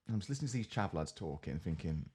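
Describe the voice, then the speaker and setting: This is a young man, co-hosting a relaxed podcast. His voice sits low and a little husky. He tells stories with animation, slipping into the voices of the people in them. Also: rapid-fire. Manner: animated storyteller, acts out other people's lines. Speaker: podcast co-host. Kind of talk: casual chat.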